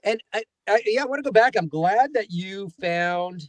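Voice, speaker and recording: Animated voice-actor guest, man. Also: high-pitched, normal speed, no room sound. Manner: rambling, animated storyteller. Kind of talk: casual chat.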